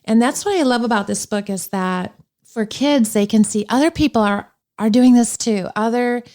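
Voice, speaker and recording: A woman's voice: medium pitch, a little mellow. Earnest mother sharing parenting insight. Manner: earnest, reads quotes from book aloud. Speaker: guest author. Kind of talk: conversational interview.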